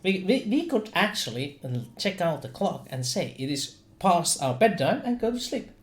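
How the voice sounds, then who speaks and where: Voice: medium pitch, big pitch swings, moderate pace, slight background noise. A player in a casual group chat, playful and asking questions.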